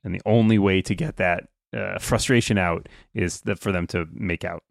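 Man, low and gravelly, loose chatty podcast host recapping a film. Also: normal speed, dry recording. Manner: rambling, full of fillers and laughs. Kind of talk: casual movie discussion.

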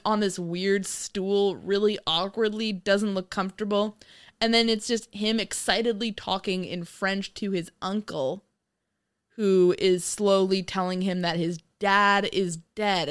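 A woman co-hosting a podcast, chatting casually about a movie, animated and profane, often laughing. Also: medium pitch, clean tone. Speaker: podcast co-host. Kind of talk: casual movie review chat.

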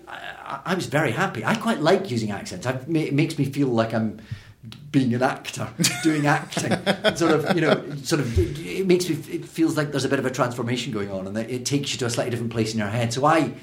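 A Scottish man, an actor guest, chatting casually and laughing easily. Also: medium pitch. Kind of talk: casual chat. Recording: roomy echo.

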